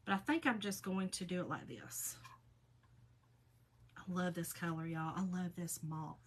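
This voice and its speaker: A woman's voice: fairly low pitch, steady tone, a little slow. A woman, hosting a casual craft livestream and chatting folksily with viewers while she works.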